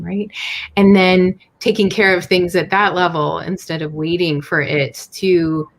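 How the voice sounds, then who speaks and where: A woman host leads a relaxed interview in a somewhat low voice. She asks open questions and affirms her guest with short, encouraging replies. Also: a little slow. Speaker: host, Ayurveda practitioner and yoga teacher. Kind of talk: casual interview talk.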